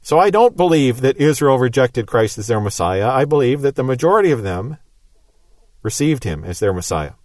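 A man's voice: mid-range voice, big pitch swings, normal speed, a little mellow, no room sound. A man giving a Bible teaching lecture, explaining step by step in an emphatic, methodical way.

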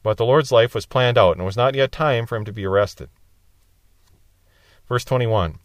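A man at a middle pitch, giving a verse-by-verse Bible lesson. He explains each passage in plain terms and lifts his voice to stress the quoted words. The sound is dry and close, with no room echo. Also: moderate pace, pauses often. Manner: explanatory, rising in emphasis on quoted cries. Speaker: Bible teacher.

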